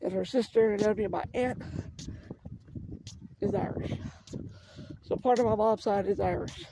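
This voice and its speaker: Gravelly high-voiced man vlogging outdoors. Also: fairly even intonation, measured pace, background noise. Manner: rambling, chatty, talks straight to viewers. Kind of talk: casual walking vlog. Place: outdoors on a neighborhood street. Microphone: phone camera held while walking.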